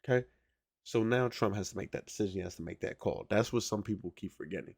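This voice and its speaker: Man, podcast host, deep voice, gravelly, slangy casual commentary, dry close mic. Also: quick pace, a little mellow, no echo. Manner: conversational, keeps asking "right?" to the listener; slangy, drawling delivery.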